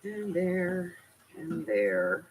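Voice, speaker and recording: A woman's voice: fairly low pitch, sing-song, extremely slow, a little hiss or hum, poor audio. An older woman hosting a craft channel, talking casually through each step of her project as she works. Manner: chatty, talks through each step aloud.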